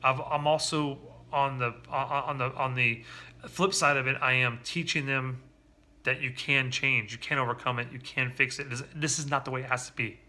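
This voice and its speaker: A man talking candidly and earnestly about his own parenting in a personal vlog, often halting and restarting. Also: medium pitch, fairly even intonation, sharp tone. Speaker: father vlogger.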